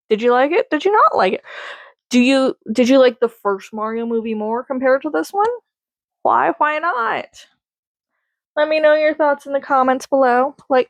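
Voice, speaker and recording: A young woman rambling casually through a movie review, chatty and excitable, laughing often. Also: fairly high pitch, no echo.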